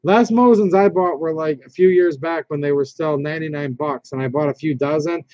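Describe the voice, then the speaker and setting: A man with a slightly high but mellow voice hosts a casual livestream. He rambles, reads viewer comments aloud and keeps restarting his sentences. The sound is dry and dull, like lo-fi stream audio. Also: fairly quick, dry recording. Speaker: livestream host.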